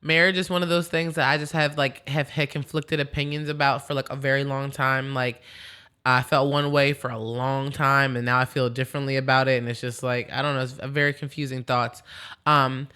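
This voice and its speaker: A woman hosting a podcast, chatting in an animated, rambling way and laughing easily. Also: very deep voice, fairly quick, clean tone. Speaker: podcast host. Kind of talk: casual chat.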